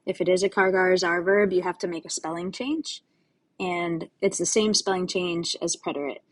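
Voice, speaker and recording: A woman's voice: fairly low pitch, steady tone, normal speed. A woman Spanish teacher giving a recorded lesson, explaining step by step to her students in a patient, casual way with friendly asides.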